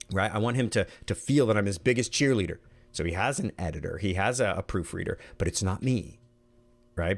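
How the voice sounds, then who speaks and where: A middle-aged man with a fairly low-pitched voice presents an online workshop earnestly and conversationally, frequently repeating words as he thinks.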